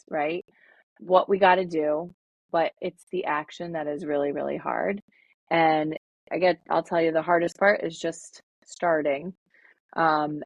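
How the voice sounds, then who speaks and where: A woman co-hosting a podcast, talking in a relaxed, rambling way with lots of fillers. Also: fairly low pitch, dry recording, dull audio. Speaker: podcast co-host. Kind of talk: casual podcast chat.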